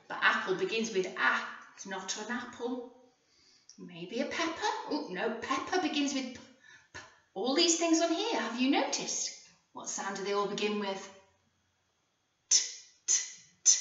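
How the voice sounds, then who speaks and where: English woman, infant teacher, sing-song phonics lesson; slow, swooping delivery, dull roomy recording. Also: on the high side. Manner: animated, sing-song, slow and clear with frequent gasps. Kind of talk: phonics lesson for young children. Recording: echoey room, voice from a distance, dull sound.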